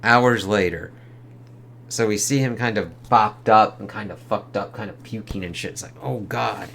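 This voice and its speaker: A man casually reviewing a comic book in a profane, rambling, excitable way. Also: on the low side, moderate pace, vocal fry, a little hiss or hum.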